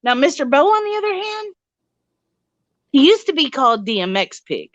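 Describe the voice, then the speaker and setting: A woman co-hosts a podcast in casual chat with a high, lively voice that swoops as she tells stories. She acts out little voices and laughs often. The recording is dry and a bit muffled. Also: moderate pace, dry recording. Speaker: podcast co-host.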